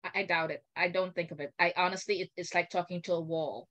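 An older woman, a guest on a video call, telling an indignant story with animated, acted-out quotes. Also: fairly low pitch, fast talker, highs cut off.

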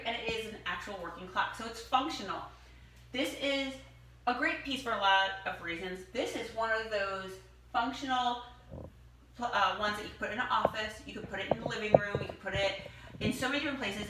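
A woman chatting enthusiastically as she shows off home decor products one by one. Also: a little high. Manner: enthusiastic, chatty, gushing over items. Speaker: product demonstrator. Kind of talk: casual product showcase. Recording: echoey room, distant mic, noisy.

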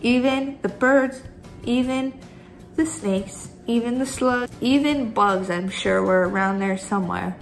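A woman's voice: fairly high pitch, a little slow, gravelly, soft background music, low-quality recording. A young woman teaching a children's church lesson, chatty and upbeat, talking straight to the kids. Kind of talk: Bible story lesson for kids.

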